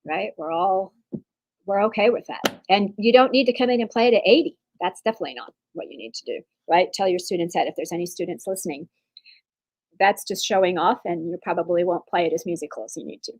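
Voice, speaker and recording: On a rough recording, a woman with a lowish voice talks quickly through an online percussion clinic. She's from Texas, and her masterclass manner is chatty and reassuring, with frequent fillers and restarts.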